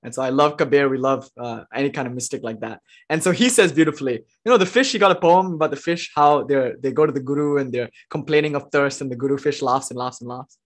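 A man's voice: medium pitch, fast, few pauses. A man lecturing on philosophy in a passionate, conversational way, full of rhetorical questions. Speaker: lecturer on non-dual philosophy.

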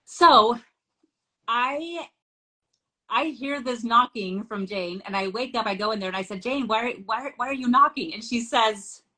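Woman, middle-aged, host, scripture study discussion, earnest, fairly high voice. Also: measured pace, sharp tone, low-quality recording. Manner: earnest, reads passages aloud and tells family anecdotes.

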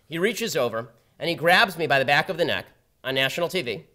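Fast-talking sardonic man, higher voice. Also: lively intonation, sharp tone. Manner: rapid, sardonic storytelling. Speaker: guest speaker at a campus event. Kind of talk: public talk with a told anecdote. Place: university event before a live audience.

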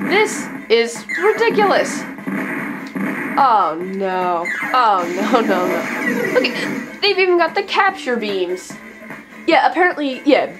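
A woman comments on video games in an exasperated, sarcastic tone, often breaking into disbelieving laughter. Her fairly high voice swoops widely as she talks slowly. Loud game music plays behind her. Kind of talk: casual commentary over gameplay.

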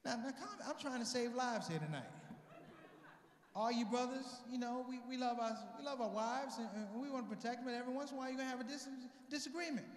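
A man's voice: very high voice, quick pace. A man doing stand-up comedy, telling a story and acting out both sides of a conversation. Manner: animated storyteller, acts out both sides of dialogue. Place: large convention hall, live audience. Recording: echoey hall with long reverb.

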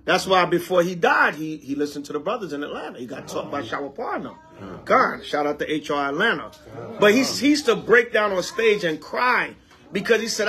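High-pitched and fairly quick, an older man delivers a loose, lively sermon, going back and forth with the congregation in call-and-response and repeating phrases to drive them home.

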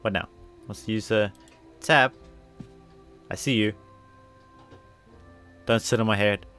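A man's voice: fairly low pitch, steady tone, slow pace, fairly bright tone, clear, resonant tone. A man giving casual, chatty commentary while playing a video game, muttering his reactions. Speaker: gameplay streamer. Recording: faint game music behind.

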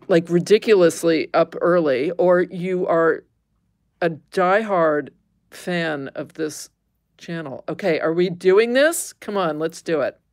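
A woman's voice: fairly low pitch, no room sound, studio quality. A woman hosting a casual craft livestream, chatting with viewers, easily amused and squeamish, laughing and exclaiming. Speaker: livestream host.

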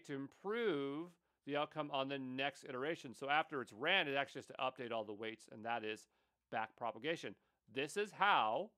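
A man's voice: fairly high pitch, pushed and bright. A man teaching an online course, explaining slides casually and thinking aloud with fillers and asides. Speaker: course instructor. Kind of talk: casual lecture over slides.

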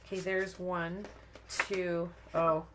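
A woman with a fairly low, level voice speaks slowly over background noise. She's hosting a live-stream card-making tutorial, chatting and rambling as she works, frequently cutting herself off mid-sentence and laughing at her own slips.

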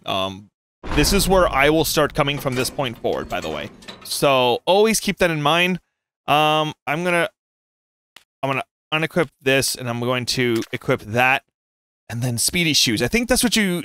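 A young man from North Carolina giving casual, rambling gameplay commentary as a gaming YouTuber, giggly and excitable. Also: fairly high pitch, no room sound.

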